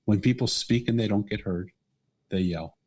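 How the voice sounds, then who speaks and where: A middle-aged man, a podcast guest and author, telling a personal story in an earnest, animated way. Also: on the low side, normal speed, noisy background. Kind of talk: conversational storytelling.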